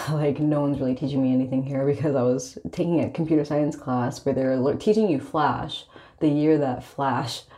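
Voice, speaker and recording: A woman's voice: rumbling low, steady tone, normal speed, warm tone. A young woman talking through a casual confessional monologue in a rambling, profane way, full of filler words. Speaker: vlogger.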